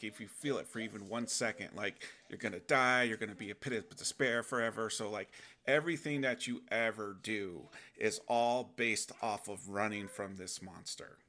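A man's voice: mid-range voice, sharp tone. A man talking earnestly in a casual, rambling advice monologue, with restarts and playful acted asides.

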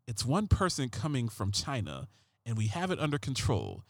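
A man putting on the voice of a deadpan TV crime detective, speaking low and slow with dramatic pauses. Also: heavy background noise. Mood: deadpan hushed.

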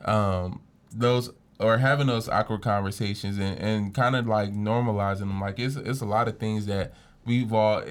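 Animated young man telling stories. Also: on the low side, moderate pace, clear, resonant tone. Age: young adult. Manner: animated storyteller, swears freely, acts out quotes. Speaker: podcast co-host. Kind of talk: casual chat.

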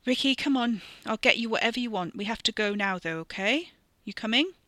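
A blunt, offhand young man, as a woman narrator reads him, his words clipped and short. The voice sits low but bright and forward, recorded close and dry. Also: moderate pace, no echo. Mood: urgent. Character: wry young man, recovering addict cousin.

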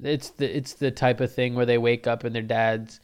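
A man hosting a comedy podcast, rambling through a story with plenty of swearing and restarts. His voice is smooth and clear at an ordinary pitch. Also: level tone, normal speed. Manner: profane, rambling, many restarts. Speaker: podcast host.

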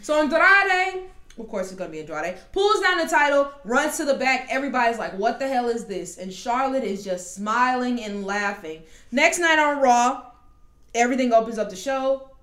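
A woman hosting a casual podcast, talking animatedly and quickly with plenty of asides. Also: fairly high pitch, expressive, a bit bright. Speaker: podcast host. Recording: roomy echo.

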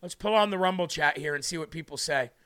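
A man's voice: fairly high pitch, fast, fairly bright tone, clear, resonant tone. A man hosting a livestream who preaches fervently and emphatically, repeating words for stress, and is moved to tears. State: tearful, moved. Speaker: livestream host.

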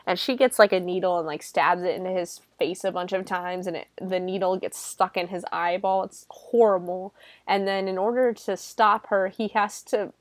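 A woman's voice: on the low side, fairly even intonation, normal speed, no room sound. Chatty, swearing woman reviewer, dry sound. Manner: chatty, profane, lots of fillers and laughter. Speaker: horror movie reviewer. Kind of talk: casual spoken movie recap. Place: home room.

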